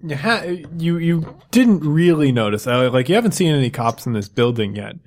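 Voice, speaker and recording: A man's voice: fairly high pitch, sing-song, normal speed. A man running a tabletop game as game master, narrating loosely with many restarts. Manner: rambling, loose, lots of fillers and restarts.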